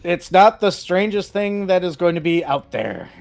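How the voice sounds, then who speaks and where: A game master narrating a tabletop game in a lively way. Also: moderate pace, gravelly, no echo, faint music behind. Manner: lively narration with sudden pitch jumps.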